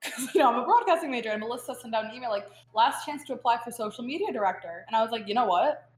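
A young adult woman, a guest student, chats casually and tells a rambling story packed with fillers and laughter. Her voice is a little high, animated and rapid-fire, and the low-quality recording has a roomy sound.

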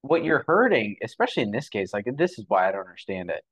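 Opinionated young podcast co-host. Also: male voice, on the low side, fast talker, husky, low-quality recording. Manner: animated, opinionated, lots of fillers. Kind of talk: casual podcast commentary.

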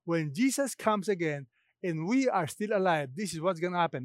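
A man's voice: sits high, lively intonation, moderate pace, dry recording, clean studio sound. A man preaching a sermon, emphatic and asking the listeners rhetorical questions.

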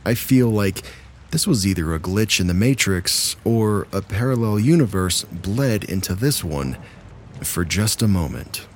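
Male story narrator, thirties, low voice, easygoing delivery. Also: a little slow, a little hiss or hum. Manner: relaxed and chatty when speaking to listeners. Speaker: narrator of scary stories. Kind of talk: reading submitted stories aloud.

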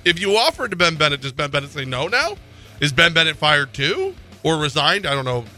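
A male sports radio co-host with a lively, bright voice that swings up and down in pitch. He talks casually, piling up exasperated questions. Faint music sits under him. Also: brisk.

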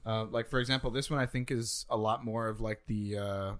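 Bright-voiced laid-back young man. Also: fairly low pitch, steady tone, fairly quick. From Texas. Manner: laid-back, swears casually, reads facts aloud. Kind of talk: casual chat.

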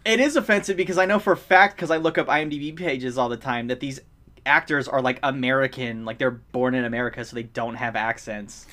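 A man's voice: medium pitch, steady tone, fairly quick, sharp tone. A young man co-hosting a casual movie podcast, ranting with energy and laughing often. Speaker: podcast co-host. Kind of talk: casual movie-review chat.

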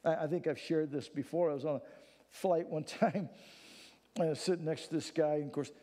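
A man preaching a sermon. He swings from hushed, solemn passages to fervent near-shouting. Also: on the high side, steady tone, brisk, big-room sound.

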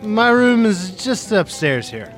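A woman voicing a boastful, drunk, well-dressed man who tries to be smooth. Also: medium pitch, sing-song, takes it slowly, soft background music. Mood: smarmy. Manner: bragging, clumsy smooth talk.

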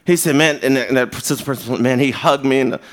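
A man preaching a sermon, telling stories with shouted quotes. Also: medium pitch, rapid-fire. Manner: animated storytelling with shouted quotes. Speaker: pastor.

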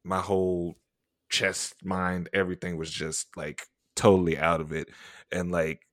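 A man's voice: sits low, a little slow, dry recording, clean studio sound. A man hosting a podcast, telling a story in casual chat and animatedly acting out what people said. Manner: animated, acts out quotes with laughs and whispers. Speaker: podcast host.

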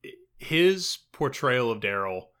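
A man co-hosting a casual podcast about a movie, animated and profane, laughing often. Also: medium pitch, takes it slowly, clean tone. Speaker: podcast co-host. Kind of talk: casual film discussion.

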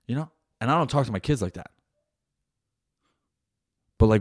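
A man's voice: mid-range voice, quick pace, pauses often, dry recording, clean studio sound. A young man hosting his own podcast, chatting casually and rambling, with lots of swearing and filler words. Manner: profane, rambling, animated with many fillers. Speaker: podcast host; stand-up comedian. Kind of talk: casual solo podcast chat. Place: home room.

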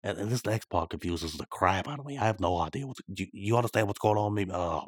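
Husky, sarcastic man recapping. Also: lowish voice, quick pace, no room sound, clean studio sound. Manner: sarcastic, teasing. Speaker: podcast co-host. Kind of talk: casual episode recap chat.

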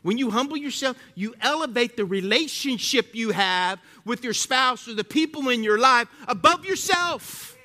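A male pastor with a Southern US accent preaching a sermon, swinging from loud, animated preaching to hushed prayer. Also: extremely high pitch, normal speed, hardly any pauses.

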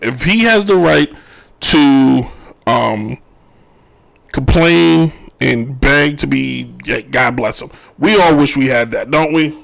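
Gravelly, joking sports radio host. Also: male voice, mid-range voice. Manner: animated, joking, ranting opinions. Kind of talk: sports talk radio commentary.

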